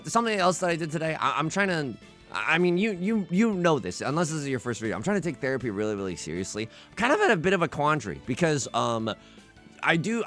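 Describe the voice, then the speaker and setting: A man's voice: fairly high pitch, a bit bright. Young guy rambling over his game, lots of restarts, voice bounces up and down. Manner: rambling, self-interrupting, frequent restarts. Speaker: let's play host. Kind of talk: casual game commentary.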